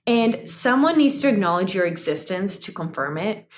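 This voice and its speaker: A woman psychotherapist in her thirties, a guest in a conversational interview, talking in an animated way with lots of "like" fillers and frequent laughs. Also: medium pitch, moderate pace.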